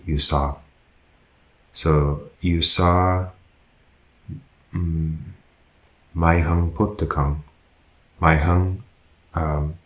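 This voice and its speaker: A man's voice: extremely low pitch, echoey room. A man, a monk, teaching a language lesson, who goes through example sentences patiently and often corrects himself. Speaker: Buddhist monk teaching Pali.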